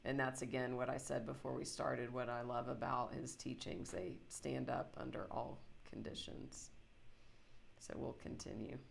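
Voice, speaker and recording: A woman hosting a discussion, speaking calmly and in a measured way between clips. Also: extremely low pitch, vocal fry, slight background noise. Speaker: discussion host. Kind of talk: casual commentary between clips.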